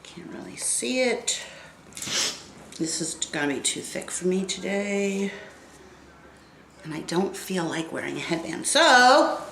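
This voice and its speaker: Woman in her 50s, beauty vlogger, stuffy nose, slow unhurried chat, lowish voice, echoey room with faint hiss. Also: expressive, fairly bright tone. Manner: chatty and unhurried, talking to viewers while styling hair. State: congested. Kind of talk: casual get-ready-with-me hair tutorial.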